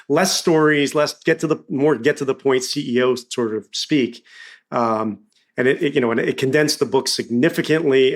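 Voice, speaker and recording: A man with a Philadelphia accent, a podcast guest telling stories in casual conversation and acting out quoted dialogue. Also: mid-range voice. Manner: animated storyteller, acts out quoted dialogue.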